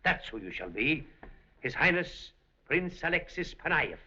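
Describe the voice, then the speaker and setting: A man's voice: a little high, very animated, unhurried, bright, forceful tone, slightly rough, heavily acted. A man playing a suave, scheming casino operator in a 1930s film, urbane, dryly amused and coolly threatening. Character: suave scheming male casino operator, older, smooth and commanding. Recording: dull old film soundtrack.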